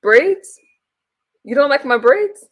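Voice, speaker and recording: Lady ranting on her stream, kinda high voice, cussing a lot, says hi to chat. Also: big pitch swings, slow, fairly bright tone. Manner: blunt, profane, greets chat viewers mid-rant. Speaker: livestream host. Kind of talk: casual livestream rant.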